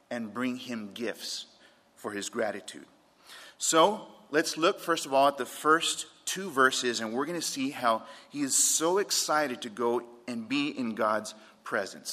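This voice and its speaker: A man's voice: medium pitch, sharp tone. A man preaching a sermon as pastor, repeating his key points and telling light anecdotes, in a church sanctuary. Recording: long reverb of a large room.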